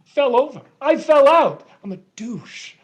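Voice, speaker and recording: Figure: a woman playing a lovesick young American man. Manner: earnest, dramatic. Pitch: lively, swinging. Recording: video call. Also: measured pace. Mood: flustered.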